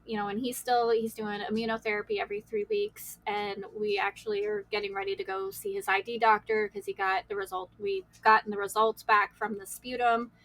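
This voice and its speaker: A woman's voice: mid-range voice, brisk, vocal fry, hardly any pauses, fairly bright tone, no echo, rough recording. A woman guest on a podcast, candidly telling her life story in a rambling way, with many "like"s and laughs. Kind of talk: emotional personal storytelling.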